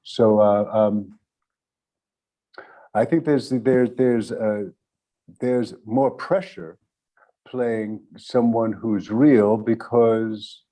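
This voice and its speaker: A man with a low, mellow voice thinks aloud on a panel. He speaks unhurriedly, with frequent pauses and restarts as he gathers his thoughts. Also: steady tone, rough recording. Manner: slow, halting, many restarts. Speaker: actor panelist. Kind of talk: unscripted panel answer.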